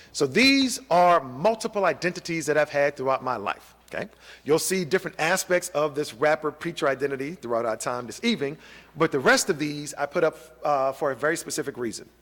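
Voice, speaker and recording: A middle-aged man from New York City lectures with energy and keeps drawing in his audience. His voice sits a little high for a man. It rings with a long reverb, as from a big hall. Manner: energetic, audience-engaging, frequent "okay?" and "right?" check-ins. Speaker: college professor leading a bias training. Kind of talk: interactive training lecture. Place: large hall with a live audience.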